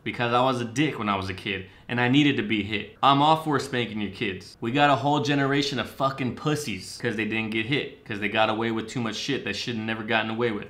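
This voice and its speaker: A man hosting a reaction video, excitedly and profanely breaking down rap lyrics line by line. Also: mid-range voice, quick pace, hardly any pauses. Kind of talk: casual commentary.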